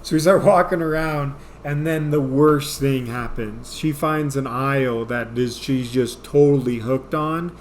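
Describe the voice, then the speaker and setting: A man's voice: medium pitch, steady tone, a little slow, few pauses, a little hiss or hum. A man telling a funny personal story to viewers in a rambling, self-deprecating way, often calling them folks. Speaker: storyteller vlogger. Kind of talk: casual comedic storytelling.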